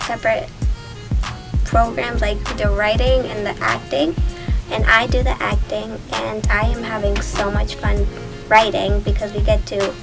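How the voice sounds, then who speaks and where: A woman speaker, chatty and animated, describing a media program. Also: a little high, low-quality recording. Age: child. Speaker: student.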